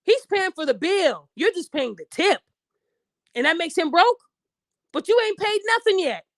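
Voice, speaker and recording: Podcast host, young woman, AAVE, high voice, blunt and lecturing, dry close sound. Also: sing-song, moderate pace, dry recording. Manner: blunt, preachy, addresses listeners directly, acts out quoted voices. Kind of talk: opinionated podcast monologue.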